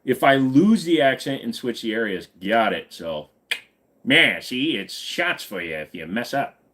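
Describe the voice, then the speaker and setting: A man hosting a casual live stream and reading out viewer questions. His pitch swings widely as he talks, and he jokes around and slips into silly voices. His voice sits at a middle pitch. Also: big pitch swings, measured pace, fairly bright tone.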